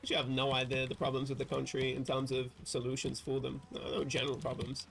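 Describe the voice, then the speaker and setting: A man's voice: mid-range voice, completely flat delivery, fast talker, gravelly, a bit bright. A man chatting casually while playing a video game on a livestream, rambling and correcting himself with wry asides. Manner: rambling, self-interrupting, wry. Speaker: streamer.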